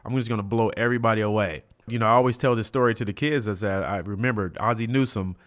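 A man's voice: fairly low pitch, fast talker. A middle-aged man from South Central Los Angeles, a former college football player, telling stories in a casual interview. He acts out the dialogue and fills his speech with "you know.". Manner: animated, acts out quoted dialogue, many fillers like "you know".

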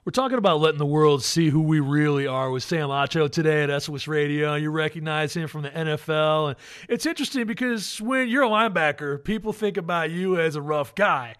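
A man's voice: a little high, brisk, fairly bright tone, clean tone. A man hosting a radio interview, introducing his guest and asking questions in a conversational way. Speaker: radio host. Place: radio studio.

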